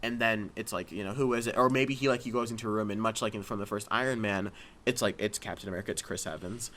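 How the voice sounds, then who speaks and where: A man hosting a casual podcast chat, excitable and often acting out scenes in voices. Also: fairly low pitch, quick pace, slight background noise. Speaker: podcast host.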